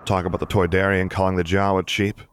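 A man voicing a cocky, wisecracking young adult rebel who talks quickly and casually. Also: low-pitched, flat delivery, a little hiss or hum, lightly acted. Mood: wry.

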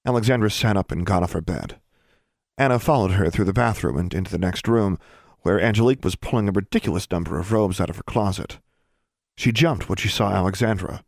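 A man narrating an audiobook in a steady, measured reading. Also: deep voice, creaky, no echo, clean studio sound.

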